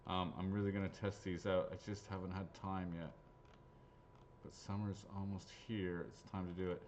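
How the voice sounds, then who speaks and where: A man's voice: low voice, little pitch movement, normal speed, a little mellow, slight background noise. Jokey man hosting raffle draws. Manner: casual, jokey, swears freely. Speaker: raffle host. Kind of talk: live-stream raffle draw chat.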